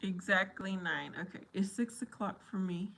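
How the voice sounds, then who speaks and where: A woman's voice: medium pitch, fairly even intonation, moderate pace, gravelly, fairly bright tone. A middle-aged woman hosting a casual livestream chat with her viewers, silly and giggly. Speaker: livestream host.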